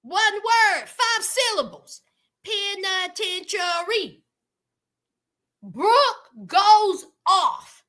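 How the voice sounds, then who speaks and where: A woman hosting a reality TV recap, telling the story in a sassy, animated way. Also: extremely high pitch, measured pace. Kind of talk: casual comedic commentary.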